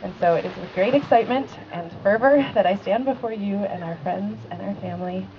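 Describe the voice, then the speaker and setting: Bride reading her vows, earnest and warm, a bit muffled home-video sound. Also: medium pitch, brisk, slight background noise. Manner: heartfelt, earnest, with soft laughs. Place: outdoors by a lake.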